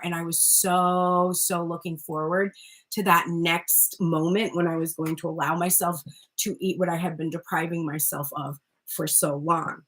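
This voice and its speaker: A woman's voice: on the low side, little pitch movement, moderate pace, a bit bright. A woman giving a casual spoken tarot reading, chatty and rambling, often breaking off mid-sentence and laughing. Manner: chatty, rambling, self-interrupting with frequent "like". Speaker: tarot reader.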